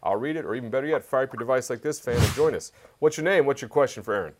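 A man hosting a live fan question show, energetic and hyping up the audience. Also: medium pitch, racing. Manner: energetic, hypes fans up. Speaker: host.

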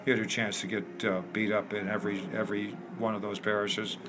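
An older man from Chicago, a guest in an interview, telling lively anecdotes with many fillers. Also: fairly low pitch, fairly quick. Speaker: interview guest, former ballplayer. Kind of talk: storytelling in a conversation.

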